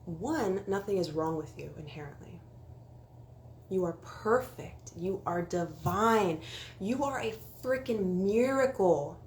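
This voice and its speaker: A woman's voice: mid-range voice, animated, takes it slowly, darkish tone, slight background noise. A young woman, a spiritual life coach, talking casually on a livestream, earnest and sometimes dropping to a whisper. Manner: earnest, drops to whispers for emphasis. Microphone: phone.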